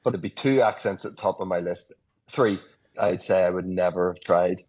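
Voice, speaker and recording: A man's voice: low voice, moderate pace, darkish tone, slightly rough, dull audio. A man, an actor, chatting casually in an interview from his apartment, laughing easily and restarting sentences.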